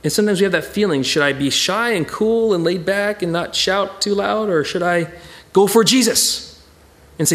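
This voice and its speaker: Animated, lively-pitched man teaching scripture. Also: moderate pace. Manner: animated, acts out quoted voices, stammers and repeats words. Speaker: Bible study teacher. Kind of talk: expressive Bible teaching.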